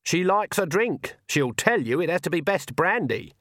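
A man's voice: high voice, moderate pace, no room sound, clean studio sound, pitched above the performer's own voice. A man voicing a shrewd, stern old witch woman with plain-spoken, folksy speech in an audiobook. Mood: knowing. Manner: plain-spoken rural speech, calm and cutting.

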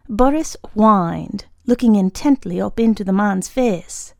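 Slow, mellow woman reading a story. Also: medium pitch, gravelly, no echo, clean studio sound. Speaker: narrator.

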